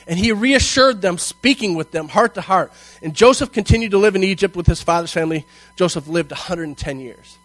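A man's voice: high voice, fairly bright tone, dry recording, low-quality recording. A man preaching a sermon, reading scripture and explaining it in a conversational, emphatic way, often checking in with "okay?". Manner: slows and stresses key phrases, rising in intensity.

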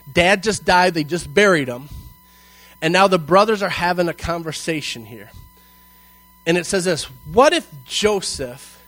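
A man with a fairly high voice delivers a sermon, reading scripture aloud and unpacking it in plain conversational language. He slows down to stress key phrases and builds intensity as he goes, checking in with his listeners along the way. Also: fairly bright tone, no echo, low-quality recording. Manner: conversational, emphatic, frequent "okay?" check-ins. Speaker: preacher.

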